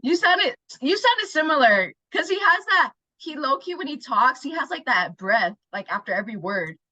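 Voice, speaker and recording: Teasing female guest, lively high voice with big swings, dry mic. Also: no room sound, poor audio. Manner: blunt, teasing, quick to push back. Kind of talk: casual movie chat.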